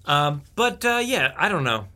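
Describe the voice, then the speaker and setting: A man's voice: fairly high pitch, sing-song, a little slow, bright, forceful tone. A man co-hosting a podcast in loose, profane banter, talking around a sore bitten tongue and laughing often. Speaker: podcast co-host.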